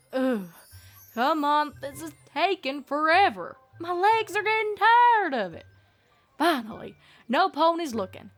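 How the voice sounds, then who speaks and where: A woman's voice: high-pitched, fairly bright tone, exaggerated voice. Applejack, voiced by a woman, Southern pony outlaw. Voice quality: folksy drawl, grumbling and boastful. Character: young female farm pony turned bumbling wannabe outlaw. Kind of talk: audiobook fanfic reading. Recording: faint music behind.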